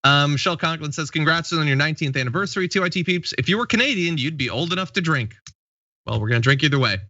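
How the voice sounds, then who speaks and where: Bright-toned male host reading chats. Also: on the high side, expressive, quick pace, dry recording, highs cut off. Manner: reads viewer comments aloud, laughs easily. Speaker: show host. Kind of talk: casual live-stream chat.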